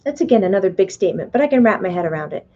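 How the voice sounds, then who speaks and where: A woman leads a live online spirituality class, chatty and animated. She slips into little voices to act things out. Her tone is mellow and the sound comes through dull and lo-fi. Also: mid-range voice, very fast. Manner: animated, chatty, playfully acts out the mind's voice. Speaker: spiritual teacher and medium. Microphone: webcam or computer mic on a video stream.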